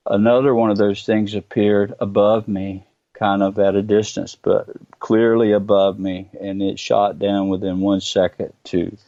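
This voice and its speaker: A middle-aged man, telling his own story as a guest in earnest, halting bursts with many pauses. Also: lowish voice, vocal fry, warm tone, no room sound, dull audio. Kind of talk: personal storytelling interview.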